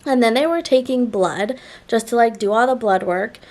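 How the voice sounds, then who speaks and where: A woman's voice: fairly high pitch, normal speed, a little mellow. A woman vlogger chatting casually to camera, her voice a little nasal as she gets over a sore throat, rambling with lots of "like" fillers. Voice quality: slightly nasal.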